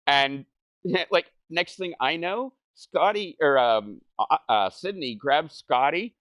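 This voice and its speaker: A man's voice: on the high side, lively intonation, slow, fairly bright tone, no echo. A young man casually telling a rambling, profane story over gameplay, laughing and mimicking the people he quotes.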